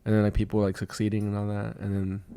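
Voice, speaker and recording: Fast-talking young man telling stories. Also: fairly low pitch, completely flat delivery, dark tone, a little hiss or hum. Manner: rambling storyteller, lots of fillers and swearing. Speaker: podcast co-host. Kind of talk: casual chat.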